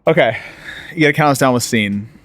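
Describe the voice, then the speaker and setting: A man's voice: mid-range voice, fairly quick, fairly bright tone, dry recording. A man hosting a podcast in casual chat, playful and restless. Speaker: podcast host.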